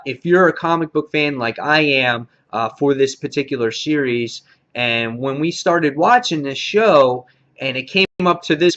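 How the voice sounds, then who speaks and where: A man reviewing a TV episode in a casual, excitable recap, full of fillers and mild swearing. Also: medium pitch, dull audio. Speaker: TV show reviewer.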